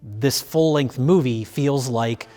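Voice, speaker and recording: A man's voice: mid-range voice, slow pace, dark tone, soft background music. Rambling man reviewing films. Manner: rambling, many fillers and restarts, laughs easily. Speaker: film review show host. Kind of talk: casual film review chat.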